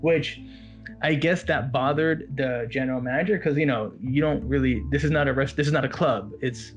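A man working as a walk-around magician, telling a story in an animated, casual chat. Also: mid-range voice, moderate pace, soft background music. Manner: animated, quotes others in his story.

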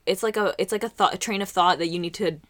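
A woman's voice: mid-range voice, fairly even intonation, fast talker. A young woman talks reflectively on a casual podcast, working through her feelings. She often agrees with her co-host and fills her sentences with "like" and "you know". Her voice sits in a natural middle range. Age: young adult. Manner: reflective, frequent fillers and agreement. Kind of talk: casual chat.

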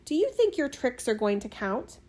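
A woman's voice: on the high side, big pitch swings, normal speed, a little mellow. A woman voicing a flock of birds speaking together, indignant and accusing. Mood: angry.

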